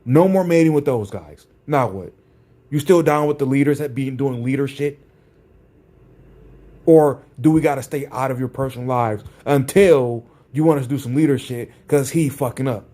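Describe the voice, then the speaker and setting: A man's voice: mid-range voice, normal speed, warm tone. A man ranting in a vlog, sarcastic and combative, often repeating his phrases for emphasis. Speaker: vlogger. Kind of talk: ranting commentary.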